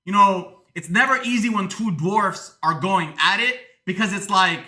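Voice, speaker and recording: A man's voice: high voice, moderate pace, bright, forceful tone. A man livestreaming in casual talk, swearing often and ranting, moving between jokes and earnest thanks to supporters.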